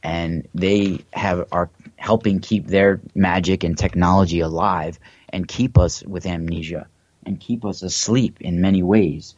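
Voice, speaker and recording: A man's voice: deep voice, fairly even intonation, measured pace, a little mellow, dry recording, dull audio. A man hosting a livestream, talking in a rambling, hesitant way with many fillers and restarts. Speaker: livestream host. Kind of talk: casual livestream monologue.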